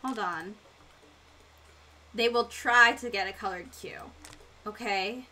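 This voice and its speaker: Bright-voiced young woman streaming a game. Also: mid-range voice, takes it slowly. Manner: flustered, swearing, laughing often. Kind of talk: casual gameplay commentary.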